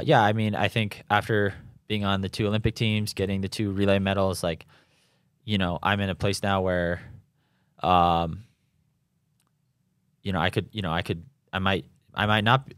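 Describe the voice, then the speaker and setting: A young professional triathlete rambles through a casual interview at his home in Boulder, full of restarts and fillers and laughing at his own stories. His low voice is fairly bright, clear and resonant. The studio-clean recording is dry.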